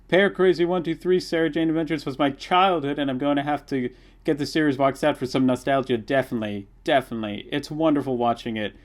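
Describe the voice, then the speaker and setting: Excitable man reading chat comments. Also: fairly high pitch, fast. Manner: reads viewer comments aloud, excitable fan. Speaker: livestream host. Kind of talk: casual live watch-along chat.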